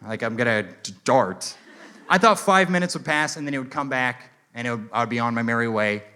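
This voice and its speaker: A young man performing a stand-up comedy set on a stage mic, acting out characters in quick voices. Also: mid-range voice, steady tone, sharp tone, smooth. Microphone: handheld stage mic.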